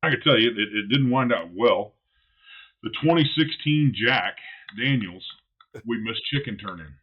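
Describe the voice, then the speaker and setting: A man who is a barbecue pitmaster, guesting on a podcast and telling stories in a blunt, animated way, swearing freely. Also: medium pitch, moderate pace, husky, highs cut off. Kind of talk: casual podcast storytelling.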